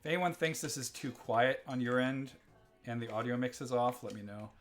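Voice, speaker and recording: A man's voice: medium pitch, fairly even intonation, normal speed. Chatty man hosting a game stream. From Germany. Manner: chatty, rambling, reads chat aloud and laughs often. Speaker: live-stream host. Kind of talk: casual live-stream gameplay chat.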